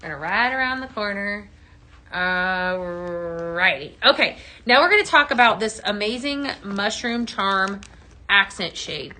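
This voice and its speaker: A woman's voice: medium pitch, animated, a little slow, sharp tone. A woman hosting a casual live-stream product show, chatting and answering viewer comments with many fillers. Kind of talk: casual live-selling chat.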